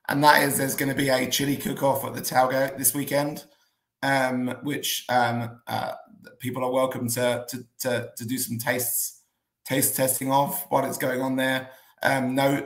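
A man co-hosting a casual football fan show, opinionated and halting as he makes his points. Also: medium pitch. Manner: opinionated, halting, stacks up fillers. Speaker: co-host. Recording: echoey room.

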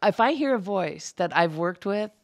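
A woman's voice: mid-range voice, normal speed, gravelly. A woman working as a closed captioner, talking casually and animatedly as a guest in an interview. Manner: chatty, animated storyteller.

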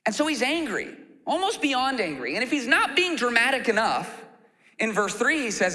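A man preaching a sermon as a pastor, animated and acting out quoted complaints in a raised voice. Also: very high voice, normal speed, big-room sound. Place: church auditorium.

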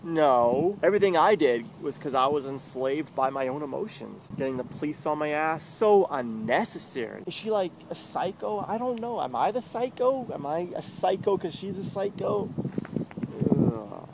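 A man's voice: on the high side, animated, normal speed, vocal fry, few pauses, a little hiss or hum. A young man in an emotional confessional rant, agitated and profane, rambling and swinging between muttering and outbursts, recorded outdoors in a city.

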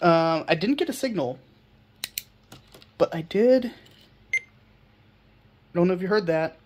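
A woman's voice: lowish voice, animated, unhurried, darkish tone, a little hiss or hum. A woman narrating a casual computer repair vlog, chatty and thinking aloud with frequent restarts.

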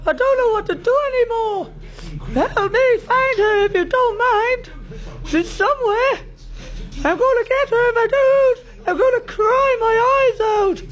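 Woman putting on a lovesick snowman guy, very high squeaky voice, slow and drawn-out, whiny, excitable, dull lo-fi home video. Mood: pleading, weepy. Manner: whiny, excitable, chattering to toys. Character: lovesick male snowman searching for his sweetheart. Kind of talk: homemade toy play narration.

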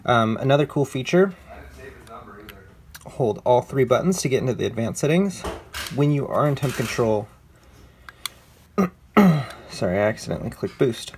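A man casually walking viewers through a device's menu settings in a relaxed, conversational way, correcting himself as he goes. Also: mid-range voice, normal speed, pauses often, slight background noise. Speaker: product reviewer. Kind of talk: casual how-to demonstration.

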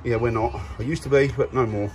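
A man's voice: medium pitch, fairly even intonation, fairly quick, a little mellow, faint music behind. A man vlogging casually in his garden, jokey and self-mocking about his family. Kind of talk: casual family vlog chat. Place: garden outdoors.

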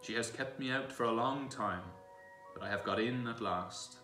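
Father Christmas, read by a man, grave and slow. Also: medium pitch, sharp tone, soft background music, natural voice. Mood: solemn. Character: huge solemn glad old man bringing gifts. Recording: echoey church room, distant mic.

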